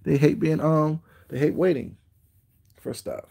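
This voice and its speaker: A man's voice: a little high, animated, measured pace, creaky, mellow, breathy edge. A man hosting a livestream, chatting casually with his viewers in a rambling, repetitive way, often asking whether they know what he's saying. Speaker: livestream host.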